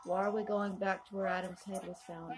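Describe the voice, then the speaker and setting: A woman's voice: mid-range voice, little pitch movement, fairly quick, loud music behind the voice. Chatty woman reacting to a film. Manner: chatty, offhand asides. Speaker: video host reacting to a film. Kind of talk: casual reaction commentary.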